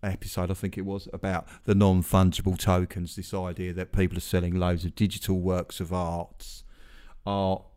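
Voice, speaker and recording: A man's voice: low-pitched, dark tone, smooth. A man hosting a podcast, chatting casually in a rambling way with self-deprecating asides. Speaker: podcast host. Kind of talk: casual chat.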